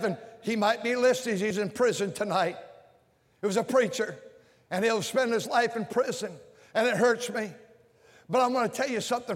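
A man preaching an impassioned sermon, swinging between shouts and quiet lines. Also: extremely high pitch. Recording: long hall reverb.

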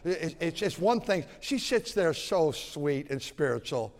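A man's voice: a little high, big pitch swings, a little slow. A male pastor preaching a sermon in an emphatic, repetitive style with folksy asides to his congregation. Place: church sanctuary. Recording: long church hall reverb.

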